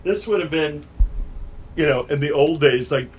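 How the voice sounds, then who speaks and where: A man's voice: fairly high pitch, normal speed, slight background noise. Older man rambling on a video call. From New York. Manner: animated, rambling storyteller with many restarts. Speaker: guest musician and producer. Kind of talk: casual interview over video call. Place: home studio full of synth gear.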